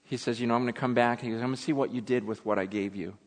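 A man preaching a sermon, acting out quotes with dramatic swings between loud and hushed delivery. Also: mid-range voice, fairly even intonation, very fast. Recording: long hall reverb.

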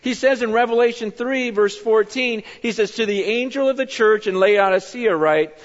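A man preaching a lively sermon with a fairly high voice. He slips into the voices of the people in his stories as he goes. The sound is muffled and rings with the long echo of a large hall. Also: moderate pace. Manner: animated, acts out bible figures in his telling. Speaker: pastor.

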